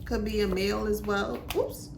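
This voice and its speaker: A woman's voice: mid-range voice, steady tone, moderate pace, creaky, reverberant, background noise. A woman doing a casual tarot reading, musing aloud in slangy speech with sudden exclamations. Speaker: tarot reader.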